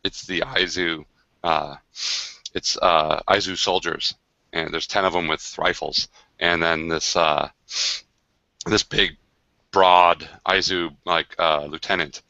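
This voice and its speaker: A man with a deep voice and a bright, forceful edge tells a long game anecdote in a loose, chatty way, full of fillers and restarts. The sound is dry and a little dull, like a video call. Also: slow pace, gravelly, dry recording. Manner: rambling, many fillers and restarts, animated. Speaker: game designer on a livestream. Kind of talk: casual storytelling of a game session.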